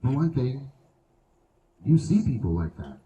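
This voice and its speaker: In an unhurried, medium-pitched voice, a comedian performs outdoor stand-up, telling crude, animated stories loaded with curse words. The low-quality audio sounds echoey and distant, with a faint hiss or hum underneath.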